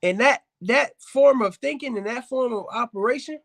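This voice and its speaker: A man with a high-pitched voice gives casual advice straight to his viewers. He is blunt and emphatic, repeating points for stress and calling his audience fam and y'all. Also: normal speed, vocal fry, fairly bright tone. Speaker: dog breeder and podcast host.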